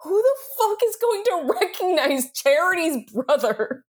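Young woman podcast co-host, lively casual storyteller who laughs a lot. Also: very high-pitched, measured pace. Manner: animated storytelling, laughs often, swears. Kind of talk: casual chat.

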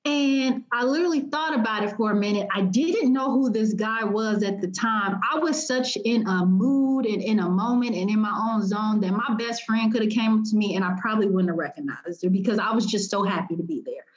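A woman's voice: mid-range voice, brisk, few pauses, highs cut off. A young woman telling an emotional personal story as an interview guest, acting out what she and others said. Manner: animated, emotional, quotes herself and others.

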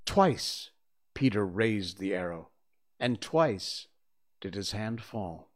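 A man reading a children's storybook aloud in an expressive, theatrical storytelling manner. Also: fairly low pitch, slow pace. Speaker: reader.

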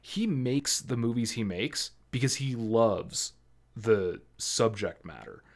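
A man's voice: medium pitch, animated, takes it slowly, gravelly. A man co-hosting a movie review chat, talking casually with lots of fillers and restarts. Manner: rambling, filler-heavy, many likes and ums. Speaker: movie review podcast co-host.

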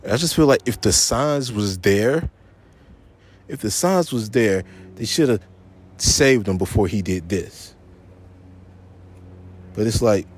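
A man's voice: lowish voice, a little mellow. Angry, cursing male podcast host. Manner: angry, profane, repeats himself for emphasis. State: frustrated and upset. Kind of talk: solo podcast rant.

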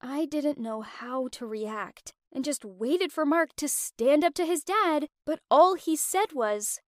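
High-voiced young woman narrating a story. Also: slow, dry recording, clean studio sound. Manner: emotional, expressive storytelling. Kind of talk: first-person story narration.

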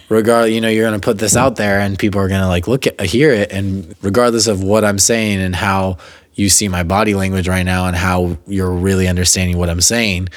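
Male cook guest, very low voice, fast, rambling and self-conscious, dry close mic. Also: no room sound. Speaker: cook, interviewee. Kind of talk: casual interview.

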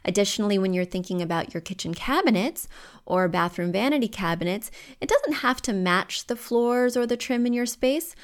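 A woman's voice: medium pitch, lively intonation, moderate pace. Chatty woman hosting an advice podcast. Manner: chatty, emphatic, opinionated. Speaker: podcast host. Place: home.

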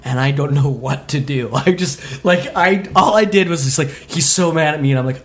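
Man, slightly high voice, from Utah, casual storytelling, animated, laughs often, swears. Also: moderate pace, hardly any pauses, slight background noise. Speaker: comedy podcast guest telling a story.

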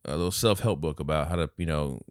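A man co-hosting a casual movie review podcast, retelling scenes and acting out the characters in loud, exaggerated voices. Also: rumbling low, quick pace, no room sound, clean studio sound. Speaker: podcast co-host.

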